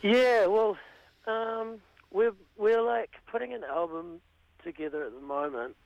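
A man with a New Zealand accent chats haltingly about his band, his voice slightly raspy from last night's gig. The sound is dull and dry, like it is coming down a phone line into a radio studio. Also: high-pitched, no echo. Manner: hesitant, lots of ums and trailing off. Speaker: band singer, interview guest. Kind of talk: casual phone-in radio interview.

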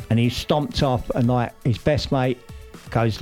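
A man's voice: mid-range voice, measured pace, a little mellow, faint music behind. A man casually recapping a soap plot, rambling with lots of fillers and restarts. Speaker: podcast co-host recapping a soap. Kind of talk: casual chat, storytelling recap.

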